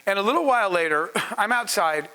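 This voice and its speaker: A man, a startup founder, telling stories to an audience in an animated way, laughing and acting out dialogue. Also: high-pitched, a little fast, smooth, low-quality recording. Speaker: startup founder and panel speaker. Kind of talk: storytelling talk to an audience.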